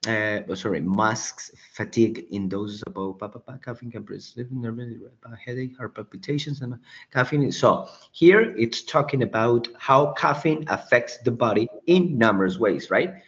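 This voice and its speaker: This is an online English lesson in which a man explains a quiz to his students, checking in with "right?" again and again. His voice is medium-pitched at a normal speed, recorded through a computer mic on a video call with dull, lo-fi quality.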